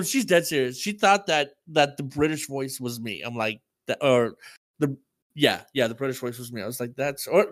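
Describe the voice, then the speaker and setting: A man co-hosting a casual podcast chat, joking and telling stories in an animated way. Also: medium pitch, moderate pace. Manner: animated, jokey storyteller. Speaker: podcast co-host.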